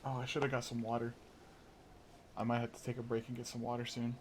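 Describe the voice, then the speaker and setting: A man's voice: medium pitch, flat delivery, quick pace, a little hiss or hum. Chatty man streaming a game. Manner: rambling, chatty, many fillers and restarts. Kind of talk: casual live gameplay commentary.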